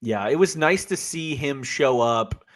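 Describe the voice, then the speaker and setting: A man co-hosting a casual film podcast, easygoing and a little hesitant, filling gaps with "uh" and "um". His voice sits at an ordinary middle pitch. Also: a little slow. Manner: relaxed, hesitant with "uh" and "um". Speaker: podcast co-host. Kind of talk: casual chat recapping a film.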